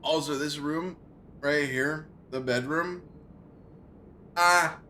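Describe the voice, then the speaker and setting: Guy streamer suffering thru hot sauce, voice swings way up and down, slow talker. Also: fairly high pitch, animated, a bit bright, slight background noise. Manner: groaning and yelping in pain from hot sauce. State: eyes watering, mouth burning. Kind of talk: live game stream chat.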